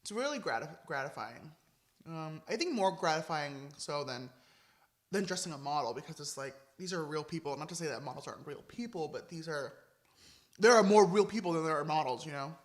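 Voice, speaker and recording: A young man chatting casually in a vlog, gushing and expressive, swinging between excited and low-key. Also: a little fast. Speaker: vlogger. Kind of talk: casual mukbang vlog chat.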